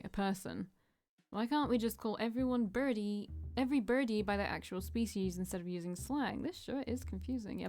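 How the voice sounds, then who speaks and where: A woman's voice: mid-range voice, warm tone. A woman giving chatty, casual commentary as she reads through a visual novel, swearing freely and laughing at herself. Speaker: let's play streamer.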